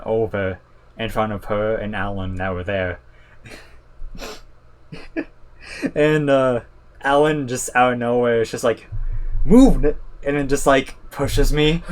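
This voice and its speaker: Slow, rambling man telling stories. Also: medium pitch, a little hiss or hum. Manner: rambling storyteller, swears, many fillers and laughs. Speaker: podcast co-host. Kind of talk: casual chat.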